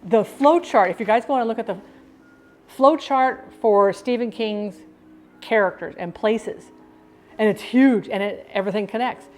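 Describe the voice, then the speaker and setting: A woman's voice: mid-range voice, a little fast, a little mellow, faint music behind. A woman vlogging in a rambling, talkative casual chat that jumps between thoughts.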